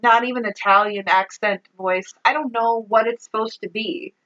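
A woman's voice: on the high side, fairly even intonation, moderate pace, muffled recording, crowd noise. A woman co-hosting a podcast, recapping a movie in casual chat, exasperated, swearing and laughing as she goes. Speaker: podcast co-host.

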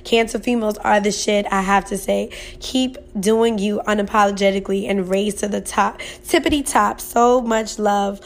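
A woman's voice: mid-range voice, steady tone, moderate pace, few pauses. A young woman hosting a podcast, reading a listener's message aloud and reacting in a casual, emotional, laughing way. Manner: emotional, laughing, colloquial and chatty. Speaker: podcast host.

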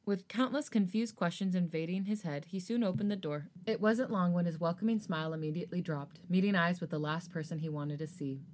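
A woman's voice: on the low side, a little fast, few pauses, darkish tone. A woman podcast host narrating a fanfiction story in a casual reading voice. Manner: casual narration, laughs at slips.

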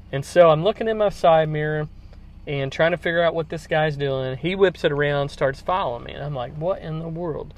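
A man hosting a podcast, telling a long personal story in a rambling, casual way with many fillers and repeats. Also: a little high. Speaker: podcast host.

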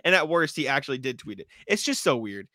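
A man's voice: medium pitch, very animated, quick pace, bright, forceful tone, no echo, clean studio sound. A man co-hosting a sports podcast in casual chat, talking loosely and laughing often. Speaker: podcast co-host.

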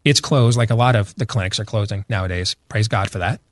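A man's voice: on the low side, a little fast, no room sound. A man giving opinionated talk-show commentary, emphatic, repeating phrases for force. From Iowa, US. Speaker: radio show guest.

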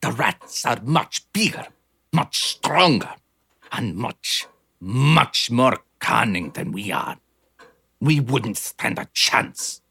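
Storybook role: a man playing a gravelly, fearful old mouse, slow delivery, bright edge. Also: mid-range voice, sing-song, no echo, pitched above the performer's own voice, full character voice. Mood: fearful doubt. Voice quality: scratchy, gravelly. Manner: gloomy, cautious, pleading. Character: scratchy-voiced doubtful old male mouse.

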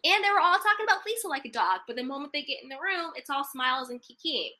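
Woman, young adult, sassy, emphatic, very bright tone, slightly high. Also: lively intonation, fast talker. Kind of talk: casual reality-TV gossip chat.

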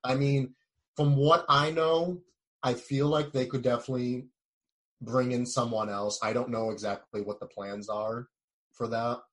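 A man speaking casually as an actor being interviewed, with a baritone voice and a relaxed, filler-heavy way of talking. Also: a little slow. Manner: laid-back, frequent "like" fillers, jumps up in pitch when animated.

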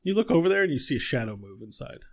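A man's voice: on the high side, very animated, rapid-fire. A man narrating as game master, describing scenes with fillers and restarts.

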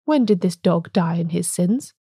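A grim, fanatical village blacksmith of a storybook, put on by a woman reader. He speaks with calm, ponderous solemnity in a warm, mellow tone. The recording is close and dry. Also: fairly low pitch, normal speed, husky, dry recording. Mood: stern.

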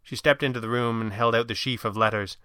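A man narrating a novel in an even storytelling voice. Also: medium pitch, fast, clear, resonant tone, no room sound, studio quality. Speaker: audiobook narrator. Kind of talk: scripted narration.

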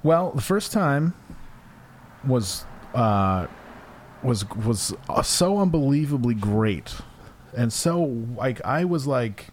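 Speaking slowly in a mid-range voice with big pitch swings, the man, a podcast host in his thirties, rambles crudely and leans heavily on fillers in casual chat. A faint hiss or hum sits under the recording, made in a room whose window is open near a porch.

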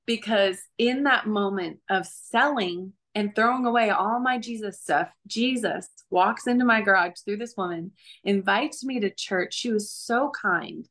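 A woman's voice: mid-range voice, unhurried, few pauses, fairly bright tone. A young woman sharing her faith testimony in an earnest, conversational way, often laughing. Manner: earnest, laughs often, acts out quoted voices.

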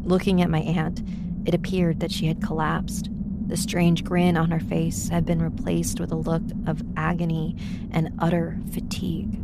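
A woman narrating a true ghost story in a steady, measured way. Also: low voice, heavy background noise. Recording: narration over music.

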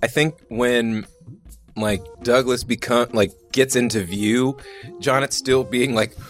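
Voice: mid-range voice, fairly even intonation, slow pace, soft background music. A player in a tabletop game describing the action casually with many fillers. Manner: chatty, uses many fillers, laughs often.

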